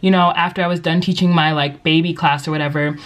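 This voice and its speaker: A woman's voice: deep voice, steady tone, fast. A young woman who teaches English, giving casual advice in a vlog, chatty and upbeat with lots of likes and you-knows. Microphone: compact vlogging camera.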